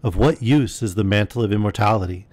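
Guy reading as a solemn old-world immortal, serious and earnest, lowish voice. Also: fast talker, darkish tone, lightly acted. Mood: pleading. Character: wise solemn male immortal forest guardian.

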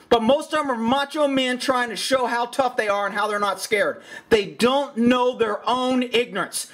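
A man with a very high voice for his sex rants over a video in blunt, exasperated commentary. He swears freely and talks with plain frustration. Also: fairly bright tone. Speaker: horse trainer and commentator.

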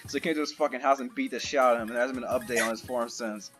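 A man's voice: medium pitch, steady tone, rapid-fire, music in the background. A young man in casual, profane chat while streaming a game, laid-back and laughing a lot.

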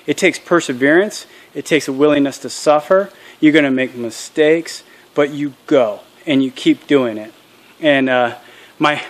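A man hosting a casual farm vlog outdoors, talking earnestly and candidly and dropping acronyms as he explains his mistakes. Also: a little high. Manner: earnest and candid, drops acronyms and military jargon. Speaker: channel host. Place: outdoors at a small farm processing setup.

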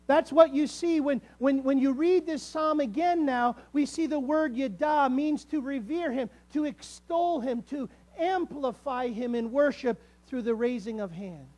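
A man with a high-pitched voice preaches a sermon to his congregation. He builds to emphatic calls and stretches key words out slowly for weight. The delivery is that of a pastor speaking from the pulpit. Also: a little mellow.

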